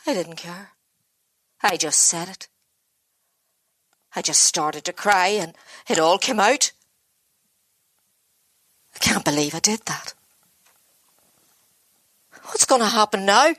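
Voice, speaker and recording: An actress playing an exhausted, abused mother who blames herself, speaking in a halting, broken inner monologue. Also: medium pitch, animated, fairly bright tone, no room sound. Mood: distraught. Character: exhausted, self-blaming abused mother, worn down. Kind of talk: dramatic monologue.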